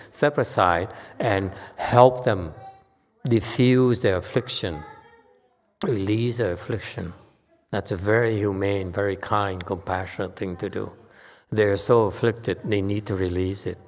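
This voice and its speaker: A man, a Buddhist master, giving a Dharma talk in an emphatic, sometimes playfully teasing way. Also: on the low side. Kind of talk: sermon. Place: temple hall. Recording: long hall reverb.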